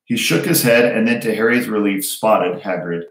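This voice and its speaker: A man with a fairly low voice reads a novel aloud to his class in a steady, unhurried way. The recording carries a roomy echo around him. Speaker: teacher. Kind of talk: reading a novel aloud to students.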